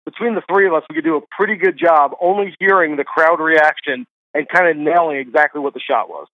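A man with a fairly high voice tells stories chattily, stumbling and restarting as he goes. He comes through a dry, tinny phone line. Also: no echo. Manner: chatty storyteller, quick restarts. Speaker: golf writer guest. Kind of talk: casual podcast interview chat.

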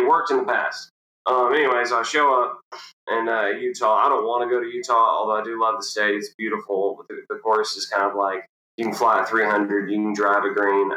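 A young man with a bright, forceful voice tells a golf story in a relaxed interview. He jumps up in pitch to act out the people in his tale. The room around him is roomy and echoey. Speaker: professional golfer, guest. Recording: roomy echo.

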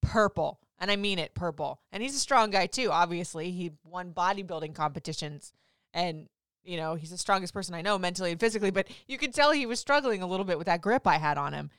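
A young woman vlogger telling a story in a casual, animated way, swearing freely and laughing often. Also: fairly low pitch, fast, clear, resonant tone, no room sound, studio quality.

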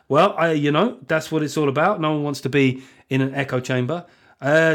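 A man's voice: fairly high pitch, expressive, brisk. A man hosting a comic podcast on his own, blunt and sweary, who laughs at his own jokes. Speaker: podcast host. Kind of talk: comic solo podcast monologue.

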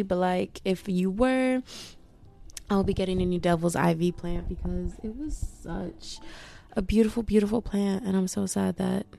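A woman's voice: medium pitch, gravelly, mellow, no room sound. A young woman vlogging in a chatty, rambling way, full of asides and "like"s. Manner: chatty, self-interrupting, many "like"s. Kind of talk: casual rambling chat.

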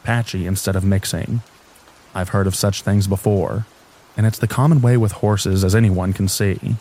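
Narrator as a rustic carter, knowing and mysterious, low, mellow tone. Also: male voice, steady tone, moderate pace, rough recording.

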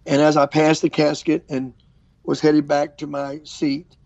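Gravelly older preacher. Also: male voice, fairly high pitch, a little slow, no echo, dull audio. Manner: animated storyteller, acts out quotes. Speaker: traveling evangelist preacher. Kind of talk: casual storytelling interview.

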